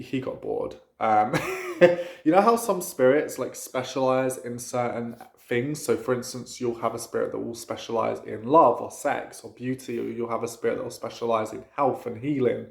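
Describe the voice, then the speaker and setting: A man's voice: medium pitch, gravelly, roomy sound. A man talking casually to camera about his practice in a chatty, rambling way, with lots of fillers. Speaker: witchcraft vlogger.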